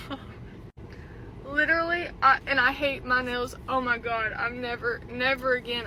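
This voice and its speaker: A young woman with a high voice vents indignantly, piling on fillers as she talks. She films herself in a car, and clear road and engine noise runs behind her. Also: pushed and bright, rough recording. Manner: upset, indignant, fast filler-heavy talk. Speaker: TikTok poster recounting a salon visit. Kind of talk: venting selfie video.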